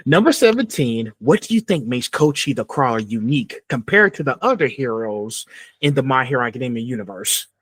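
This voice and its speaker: A man's voice: mid-range voice, very animated, fairly quick, fairly bright tone, breathy edge, no echo. A young man from Georgia in the US hosting a casual podcast interview, asking eager fan questions. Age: young adult. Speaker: podcast host.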